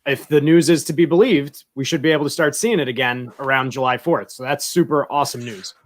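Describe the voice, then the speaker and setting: A man's voice: mid-range voice, fairly quick. A man answering interview questions casually, chatty and rambling through anecdotes with many fillers. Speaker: guest.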